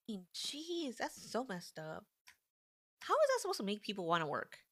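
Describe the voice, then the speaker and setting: A woman in her thirties hosting a casual live stream, talking in an animated, indignant way and saying "like" often. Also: medium pitch, normal speed, no echo, studio quality. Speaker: livestream host.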